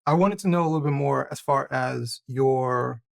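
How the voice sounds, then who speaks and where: A host asking questions in casual conversation, halting and searching for words. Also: medium pitch, creaky.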